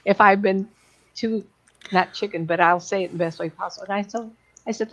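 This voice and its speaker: A woman's voice: mid-range voice, fairly even intonation, fairly quick, creaky, dull audio. A woman psychic medium telling chatty, rambling stories and acting out the voices of the people in them. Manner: chatty, laughing, acts out quoted voices. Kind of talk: rambling anecdotal storytelling.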